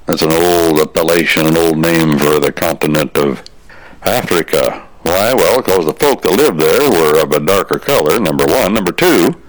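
A man's voice: low-pitched, expressive, normal speed, poor audio. A man delivering a folksy, opinionated storytelling monologue on the radio, spinning homespun anecdotes.

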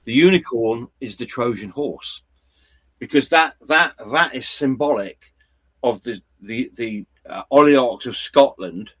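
A man's voice: medium pitch, unhurried, a bit bright, husky, dry recording, rough recording. A man in casual chat, telling rambling stories with many restarts.

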